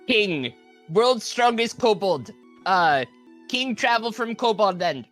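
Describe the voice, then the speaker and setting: A woman's voice: medium pitch, expressive, takes it slowly, faint music behind. A woman voicing a proud male kobold strongman who speaks in broken, caveman-style phrases. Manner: broken caveman-style speech, talks of himself by name.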